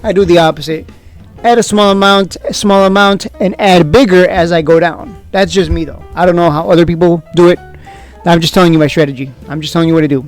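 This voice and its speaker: A man hosting a stock trading video, talking casually and excitably, whooping and throwing out rhetorical questions. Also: high voice, fast, soft background music. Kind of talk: casual market commentary.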